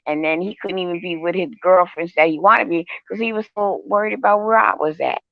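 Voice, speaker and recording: A woman's voice: on the low side, normal speed, gravelly, no room sound. A woman co-hosting a casual chat show, telling brash stories with laughter. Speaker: show co-host. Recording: dull lo-fi sound.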